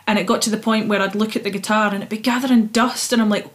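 A woman's voice: mid-range voice, steady tone, fast talker. A young Scottish woman, a singer-songwriter, chatting expressively as a guest in an interview and laughing easily. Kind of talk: casual interview chat.

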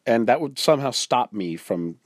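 A man's voice: mid-range voice, expressive, normal speed, no echo, studio quality. A man groggily recounting a strange dream in a casual, rambling monologue.

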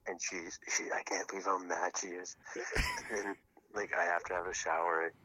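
A man's voice: low voice, level tone, moderate pace, bright, forceful tone, no room sound, poor audio. A man calling in by phone, telling a profane, laughing story in casual chat. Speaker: caller. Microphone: phone call.

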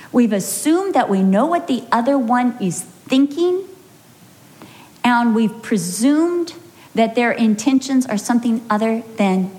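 A woman Bible teacher giving a sermon, animated and telling stories with acted-out quotes. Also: fairly high pitch.

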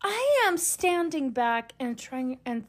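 A woman's voice: sits high, big pitch swings, slow pace. A woman in her forties co-hosting a podcast, telling stories in playful casual chat. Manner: playful, laughing, storytelling. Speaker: podcast co-host.

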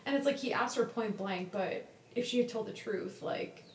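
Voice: mid-range voice, a little hiss or hum. A podcast co-host chatting casually about a film and chiming in agreeably. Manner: agreeable, chatty, quick to chime in. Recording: roomy and distant from the mic, faint room ambience.

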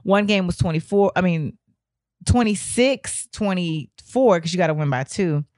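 A young woman telling a story in a casual, animated way, her voice hoarse from losing it, laughing and swearing often. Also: on the low side, moderate pace, no room sound, studio quality. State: hoarse from a lost voice.

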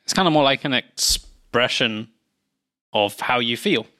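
A man's voice: mid-range voice, lively intonation, unhurried, pushed and bright. A young man co-hosting a podcast in casual chat, easygoing, full of fillers and dry jokes. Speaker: podcast co-host.

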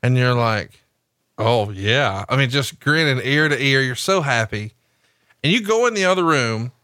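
A man of middling pitch hosts a casual podcast, ribbing his co-host with a crude, teasing tale. His voice rises and falls a lot as he tells it. The sound is dry and close. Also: expressive, moderate pace, sharp tone, clean tone, no echo. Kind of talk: casual chat.

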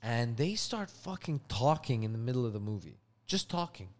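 A man telling a story in casual podcast chat, profane and animated, acting out voices. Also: medium pitch, normal speed. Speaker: podcast co-host.

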